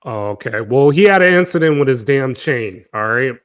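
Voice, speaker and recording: A man hosting a live-stream panel discussion, talking in an animated way that often cuts in and repeats words. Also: mid-range voice, moderate pace. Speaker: panel host.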